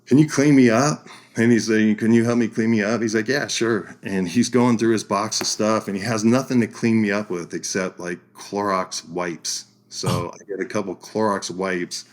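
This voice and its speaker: A man, a podcast guest, telling a story in a casual way, lively, acting out the voices he quotes and laughing as he goes. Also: on the low side.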